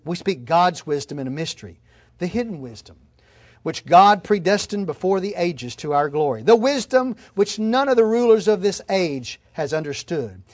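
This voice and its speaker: Preacher man, high-pitched, earnest, emphatic, repeats himself. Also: a little mellow. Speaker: pastor. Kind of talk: sermon.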